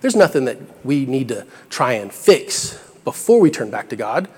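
A young preacher gives a casual, heartfelt sermon, earnest and conversational, building to bursts of emphasis on key lines. His mid-range voice is very animated at normal speed, a little mellow and slightly rough, hanging in long church-hall reverb.

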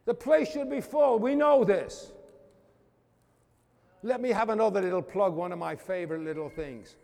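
A man preaching a sermon as pastor, fervent, calling out to the congregation and swinging from loud declarations to hushed asides. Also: sits high, normal speed, creaky, big-room sound. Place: church.

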